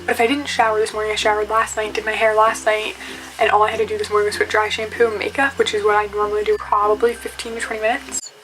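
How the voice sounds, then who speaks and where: A woman's voice: mid-range voice, completely flat delivery, fairly bright tone, slight background noise, rough recording. A young woman chatting on camera in her bedroom, answering get-to-know-me questions in a chatty, giggly way full of "like". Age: young adult. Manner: chatty, quick and giggly, with frequent "like". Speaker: YouTuber. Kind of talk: casual Q&A vlog.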